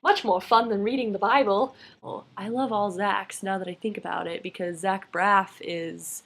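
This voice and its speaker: A young woman from Colorado chatting casually to camera in a home vlog, bubbly and gushing with quick asides. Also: medium pitch, fairly even intonation, a bit bright. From Colorado, United States. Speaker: vlogger. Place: home bedroom.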